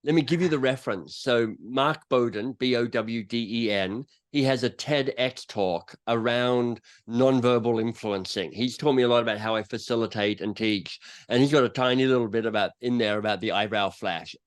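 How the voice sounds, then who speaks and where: A man's voice: medium pitch, normal speed, hardly any pauses. A man speaking as a guest author and coach in a podcast interview, telling stories and acting out little quotes as he goes. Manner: animated storyteller who acts out quotes.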